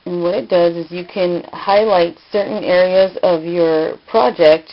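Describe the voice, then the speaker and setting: A woman with a somewhat low voice walks viewers through craft supplies in a chatty, informal way, stopping for fillers and self-corrections. The sound is dull and lo-fi, like an older home video mic. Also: steady tone, measured pace. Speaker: crafting channel host. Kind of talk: casual hands-on craft tutorial.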